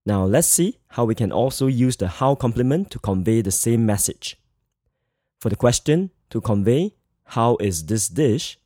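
A man giving a scripted Mandarin grammar lesson, speaking in a measured way and slowly repeating model phrases. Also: mid-range voice, lively intonation, dark tone, no echo, clean studio sound. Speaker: Mandarin teacher.

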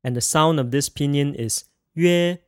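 Slow, careful male language teacher. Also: fairly high pitch, no echo, clean studio sound. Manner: slow, careful enunciation with drilled repetitions. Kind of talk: recorded pronunciation lesson.

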